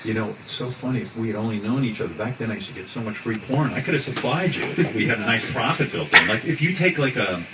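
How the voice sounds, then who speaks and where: A man hosting a casual interview who teases his guest and keeps prodding with questions. His pitch swings in a lively way. He sounds distant from the mic, with loud noise behind him. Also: fast, hardly any pauses. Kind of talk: casual chat.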